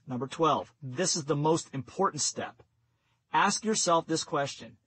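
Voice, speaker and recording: A man narrating a nonfiction audiobook in a steady, instructive reading voice. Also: a little high, a little slow, breathy edge, poor audio. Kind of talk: scripted narration.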